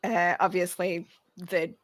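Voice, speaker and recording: Slow-talking woman hosting a casual chat. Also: lowish voice, little pitch movement. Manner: hesitant, many ums, laughs often. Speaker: podcast host.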